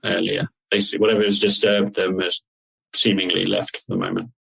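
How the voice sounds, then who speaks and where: A man's voice: low voice, big pitch swings, brisk, creaky, a bit bright, slightly rough, low-quality recording. A man narrating as the game master of an improvised tabletop game, loose and casual, swearing freely.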